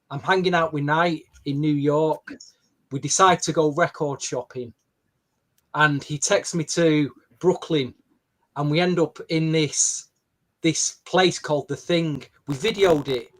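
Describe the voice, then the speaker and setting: A man, hosting a podcast and telling a story in an animated, chatty way. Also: a little high. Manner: animated storytelling with quoted dialogue. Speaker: podcast host. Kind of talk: casual podcast chat.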